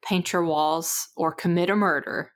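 Wry woman with a lowish voice. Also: steady tone, measured pace. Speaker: podcast co-host. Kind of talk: casual chat.

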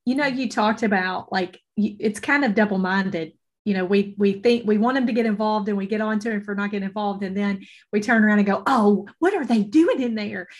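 Brief: woman co-host, earnest, fast, laughs through her points. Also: medium pitch, fairly even intonation. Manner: earnest, quick, laughs as she talks. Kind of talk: casual faith-based chat.

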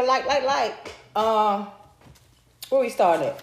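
A woman's voice: high voice, animated, slow pace, pauses often, a little hiss or hum. A woman hosting a casual livestream, chatting straight to her viewers and swearing freely. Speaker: livestream host. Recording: roomy echo.

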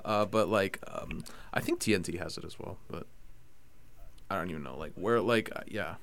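A man with a fairly low voice hosts a podcast, chatting loosely with friends. His talk rambles, full of fillers and light jokes. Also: moderate pace, creaky, a bit bright. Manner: loose and jokey, heavy on fillers like "like". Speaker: podcast host. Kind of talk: casual chat.

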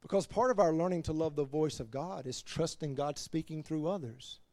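A man preaching as pastor, animated, laughing between points and dropping to quiet emphasis. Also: on the high side, normal speed, no echo. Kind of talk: sermon.

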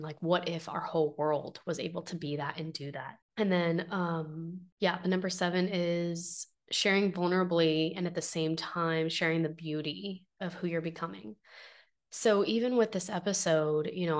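A woman's voice: on the low side, steady tone, moderate pace. A young adult woman hosting a podcast, talking in an earnest, heartfelt personal monologue, emotional and close to tears, with many fillers and restarts. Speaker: podcast host.

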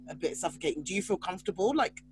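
A man interviewing guests, asking gentle, probing questions. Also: high voice, lively intonation, racing, noisy background.

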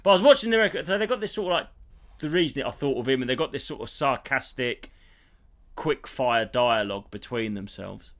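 A man on a podcast, retelling a film in a sweary, animated, rambling way. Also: medium pitch, fairly quick. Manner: animated, sweary storytelling with restarts. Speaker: podcast co-host. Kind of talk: casual comedic chat.

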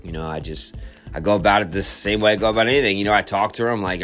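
Low-voiced man, halting and reflective. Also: steady tone, faint music behind. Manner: halting, repeats words and restarts often; quiet, reflective storytelling. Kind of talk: personal testimony.

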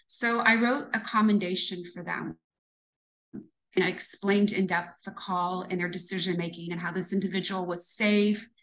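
A woman's voice: on the low side, fairly even intonation, normal speed, fairly bright tone, rough recording. Fifties woman, ex police lieutenant, earnest, repeats herself for emphasis telling a work story. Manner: earnest, reflective, vivid storytelling with repetitions. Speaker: retired police lieutenant guest. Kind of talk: conversational storytelling interview.

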